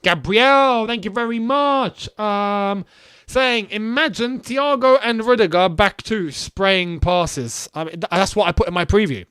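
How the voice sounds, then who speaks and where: A young man hosting a live football watchalong, reacting excitedly to play and reading viewer comments aloud. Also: sits high, unhurried, clean tone, dry recording, clean studio sound. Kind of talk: live match commentary and chat.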